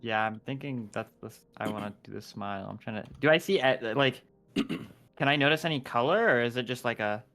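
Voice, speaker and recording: A man's voice: mid-range voice, brisk, fairly bright tone, faint music behind. A man playing a tabletop game, talking casually, thinking aloud and swearing. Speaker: player.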